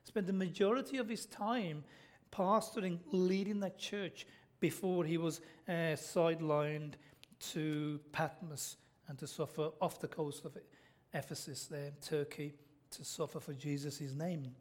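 High-voiced preacher, chatty and quick. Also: male voice, steady tone. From Britain. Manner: chatty, asks the congregation questions, keeps saying okay. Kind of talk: sermon. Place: church.

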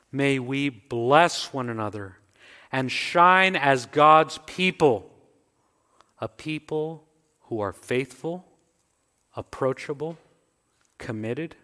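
Man pastor preaching slow, repeats lines for punch, big church echo, faint music. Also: medium pitch. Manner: slow, building emphatic repetitions. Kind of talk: sermon and closing prayer. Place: church sanctuary. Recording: long reverb, faint music.

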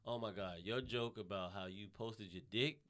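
Male stand-up from Arkansas, bright forceful tone, profane, animated storyteller doing mocking voices. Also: lowish voice, moderate pace. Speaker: stand-up comedian. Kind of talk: casual podcast chat.

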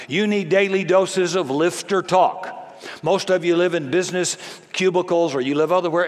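A male pastor delivering a sermon, telling stories with humor and emphasis. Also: on the high side. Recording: long reverb of a large hall.

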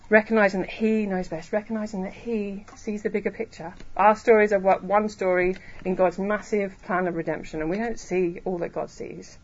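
A woman preacher giving a sermon to a church congregation, earnest and emphatic, slowing down on key phrases. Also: medium pitch, steady tone, dull audio, slight background noise. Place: church hall.

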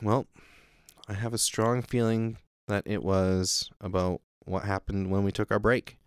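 Low-voiced man, straight-faced improv comedy. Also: little pitch movement, a little slow, clean tone, no room sound, studio quality. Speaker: comedy show host.

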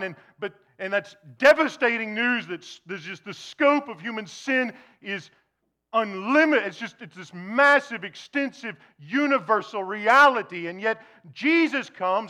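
High, bright-voiced preaching pastor. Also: male voice. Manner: conversational, animated, swings to soft intense emphasis. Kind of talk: sermon. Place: church before a congregation.

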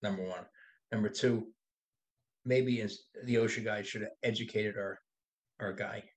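A man in his sixties who owns a body shop, guesting on a casual podcast and talking bluntly with plenty of profanity. His voice sits on the low side, with a steady tone and a slightly slow pace.

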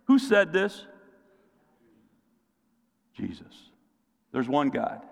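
Gravelly pastor preaching in a reverberant hall. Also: male voice, a little high, big pitch swings, drawn-out words. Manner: preaching with call-and-response questions to the congregation. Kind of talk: sermon. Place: church sanctuary. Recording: long reverb of a large hall.

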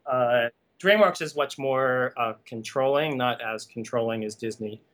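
A man's voice: medium pitch, a little slow. A chatty man telling stories with frequent laughs. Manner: animated storyteller, laughs often, many asides. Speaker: guest, animation art conservation director. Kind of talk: conversational podcast interview.

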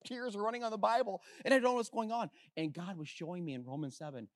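High-voiced pastor preaching emphatically. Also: male voice, fast talker, few pauses. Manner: conversational, rhetorical questions to the congregation; emphatic, swings between hushed and loud. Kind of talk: sermon.

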